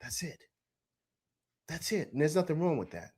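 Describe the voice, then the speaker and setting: A middle-aged man hosts a live postgame call-in show, talking in an emphatic, repetitive way. His pitch sits a bit high and swings widely as he rants and reads out viewer comments. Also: normal speed, breathy edge. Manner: animated, emphatic, repeats himself, reads chat comments aloud. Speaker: sports show host.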